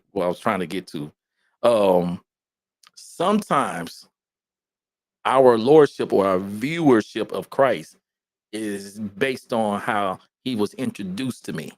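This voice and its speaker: A man co-hosting a casual podcast about faith, talking in a lively, emphatic way and often repeating himself. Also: on the low side, dry recording. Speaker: podcast co-host.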